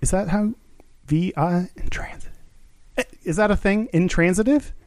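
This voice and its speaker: A man's voice: sits high, normal speed, a little mellow, no room sound. A man co-hosting a podcast in casual chat, rambling with lots of fillers and frequent laughter. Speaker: podcast co-host.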